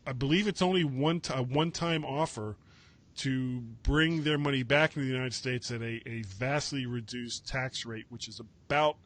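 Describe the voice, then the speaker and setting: A man's voice: medium pitch, a bit bright. A man hosting a casual tech news chat, rambling and correcting himself with wry asides. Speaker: podcast host.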